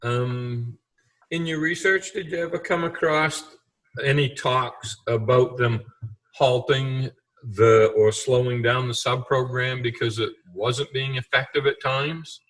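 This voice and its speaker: Guy in a class asking questions, hesitant, mid-pitched voice, lots of uh. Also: steady tone, slow pace, a bit bright, poor audio. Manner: hesitant, searching for words.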